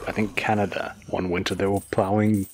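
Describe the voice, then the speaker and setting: A man's voice: deep voice, little pitch movement, brisk, noisy background. A man co-hosting a podcast who explains news stories in a chatty, casual way. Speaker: podcast co-host. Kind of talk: casual chat.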